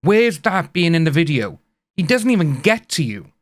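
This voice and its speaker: A man's voice: fairly high pitch, sing-song, normal speed. A man co-hosting, chiming in with short supportive comments in a casual way.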